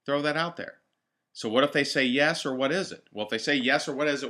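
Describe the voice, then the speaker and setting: A man leads a team training session with a bright, forward tone. He coaches directly and drives his points home by repeating them. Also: medium pitch, moderate pace. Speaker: network marketing trainer.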